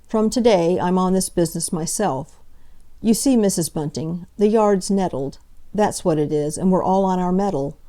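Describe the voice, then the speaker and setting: Woman reading as stolid young detective, slow plain speech, low mellow tone, working-class phrasing. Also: close to an everyday voice. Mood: earnest.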